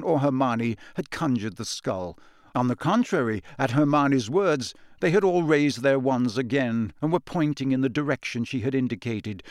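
A man narrating a fantasy storybook in a dramatic, expressive reading. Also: medium pitch, no echo, clean studio sound. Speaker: audiobook narrator.

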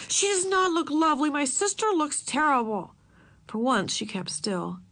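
A woman reading a children's novel aloud, measured and expressive. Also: on the low side. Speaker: narrator.

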